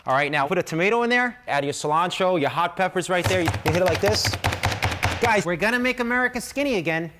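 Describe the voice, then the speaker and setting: A middle-aged man pitching a kitchen gadget in a brash, joking infomercial patter. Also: expressive, fast, noisy background. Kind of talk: fast-talking infomercial demonstration.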